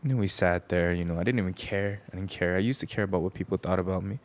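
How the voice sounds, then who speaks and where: A man speaking as a podcast guest, telling a personal story candidly, with halting pauses and reflective restarts. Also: low-pitched. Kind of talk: emotional storytelling.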